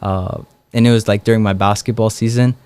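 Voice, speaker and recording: Smooth-voiced young man telling stories. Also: fairly low pitch, fairly quick. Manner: relaxed, many fillers like "like" and "um". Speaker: guest. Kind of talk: casual storytelling interview.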